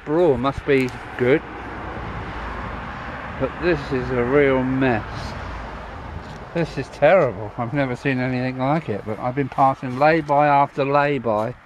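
This travel vlog features a middle-aged trucker chatting in a loose, wandering way outdoors beside a road and an old wall. He has a mid-range voice, and there's a bit of background noise.

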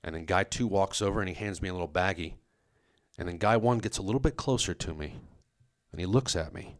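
A man telling a comic personal story on a podcast, animated and self-mocking, with his voice leaping up on quoted lines. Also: low-pitched, a little fast. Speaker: comedic storyteller.

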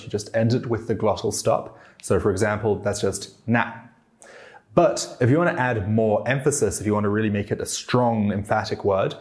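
Low-voiced man explaining language tones. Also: a little mellow. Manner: demonstrates tones by acting out sounds. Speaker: language teacher.

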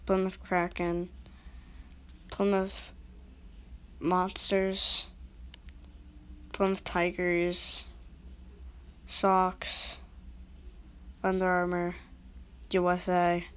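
A video creator judging goal horns chats to her viewers in a rambling, self-interrupting way. Her voice is on the low side, monotone and very slow, with long pauses and a clean tone.

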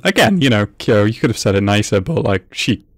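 A man's voice: lowish voice, sing-song, fairly quick, dry recording, studio quality. Laughing man reacting to anime. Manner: laughs often, amused running commentary. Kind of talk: casual reaction commentary.

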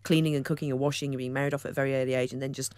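A woman from Wolverhampton, a guest on a radio show, chatting in a lively, quick, self-mocking storytelling way. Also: extremely low pitch, clear, resonant tone, no room sound. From Wolverhampton, England. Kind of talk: casual radio interview chat. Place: radio studio. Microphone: studio microphone.

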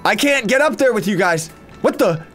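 A man hosting a let's-play video, giving excitable, jokey gameplay commentary and yelling and laughing along with friends. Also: sits high, moderate pace, soft background music. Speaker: gaming channel host.

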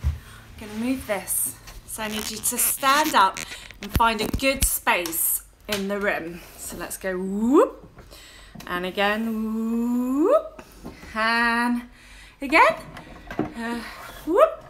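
A woman leading a toddler music class in a coaxing, sing-song manner, swooping between high and low notes. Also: slow, noisy background. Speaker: children's music teacher. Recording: echoey room with ukulele playing.

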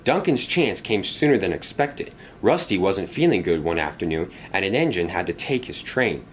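A man narrating a children's storybook tale in an expressive, animated way. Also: sits low, normal speed, a little hiss or hum.

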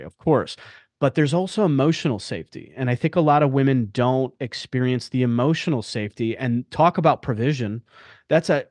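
A man hosting a candid podcast conversation, speaking with passionate conviction and blunt, unfiltered words. His voice sits at a middling pitch and sounds dry and close, with no room around it. He talks like a coach pushing his listeners. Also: dry recording. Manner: passionate, blunt, swears freely. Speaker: podcast host and men's coach.

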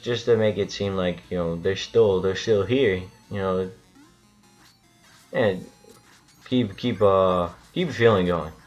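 Low, slow-talking man gaming. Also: dull audio. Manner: rambling, swearing, lots of restarts. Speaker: gaming channel host. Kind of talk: casual gameplay commentary.

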